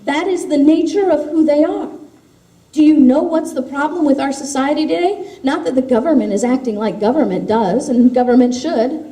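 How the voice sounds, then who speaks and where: A woman's voice: high-pitched, normal speed, mellow. A woman giving an impassioned grassroots speech, telling stories with emphatic force. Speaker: grassroots activist speaker. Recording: echoey hall.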